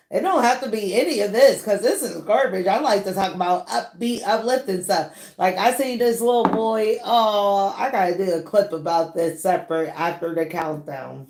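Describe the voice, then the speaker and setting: In casual commentary on celebrity gossip, a lilting woman of medium pitch stretches her words slowly and laughs a lot. Her delivery is loose and animated, and the room around her echoes noticeably.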